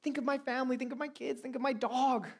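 Woman playing a frantic servant guy begging for mercy, high and loud, storytelling in a sermon. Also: fast, husky. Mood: pleading. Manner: pleading, pitched up and loud. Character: desperate male debtor servant begging his master.

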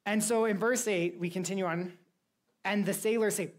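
A woman's voice: medium pitch, fairly even intonation, moderate pace. A woman teaching a Bible lesson to a young church group, telling the story with energy and quizzing her listeners.

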